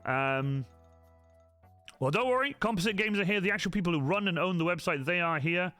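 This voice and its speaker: A man's voice: high-pitched, lively intonation, brisk, bright, forceful tone, no echo, soft background music. A young man hosting a casual crafting livestream, chatting to his viewers and apologizing often. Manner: chatty, apologetic, talks straight to chat. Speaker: livestream host.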